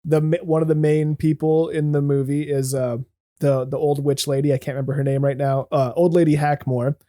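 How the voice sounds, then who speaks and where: A man's voice: a little high, flat delivery, fairly quick, dark tone, no room sound, studio quality. A man co-hosting a casual podcast, giving wry takes on a movie. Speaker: podcast co-host.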